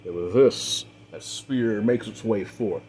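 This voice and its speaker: Low-voiced man narrating a grim tale. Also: heavy background noise. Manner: measured, dramatic storytelling with occasional fillers. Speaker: game master. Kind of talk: narrating a tabletop role-play story.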